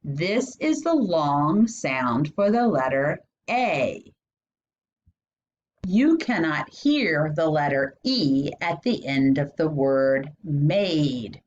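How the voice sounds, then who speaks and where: A woman with a fairly low voice teaches a phonics lesson at a very slow, deliberate pace. She stretches out each vowel sound and lifts her pitch when she asks a question. The recording sounds dull and lo-fi. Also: big pitch swings, darkish tone.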